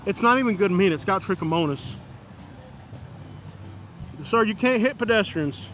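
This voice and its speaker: A man's voice: high voice, animated, normal speed, a bit bright, slight background noise. A man live-streaming outdoors on a busy street, joking with chat and mock-scolding passing drivers. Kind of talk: live-stream vlog, commenting on passers-by.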